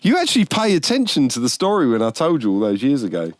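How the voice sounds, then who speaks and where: A man's voice: medium pitch, wildly swooping pitch, fast talker, a little hiss or hum. A British man hosting a casual stream, telling a rambling story and laughing often. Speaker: band member hosting a stream. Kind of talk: casual chat.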